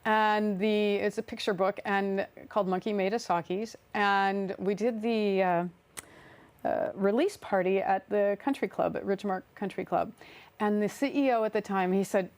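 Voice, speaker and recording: A woman's voice: mid-range voice, steady tone, normal speed, darkish tone. A middle-aged woman, an artist and songwriter, chatting as an interview guest, telling stories with frequent laughs, fillers and restarts. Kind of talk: casual interview storytelling.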